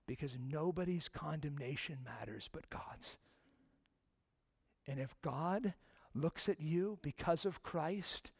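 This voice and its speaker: A man preaching a sermon as pastor, impassioned, swinging from loud emphasis down to hushed near-whispers and putting direct questions to his listeners. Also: on the high side, creaky, no echo, clean studio sound.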